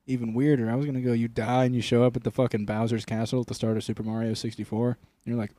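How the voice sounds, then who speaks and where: A man's voice: mid-range voice, little pitch movement, rapid-fire, few pauses, mellow, no echo. A young man in casual podcast banter, tossing out crude bits and running with them. His voice sits in an ordinary middle range. The mic is close and dead dry. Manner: crude, joking, riffs on bits. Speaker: podcast co-host. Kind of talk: casual comedic chat. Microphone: studio microphone.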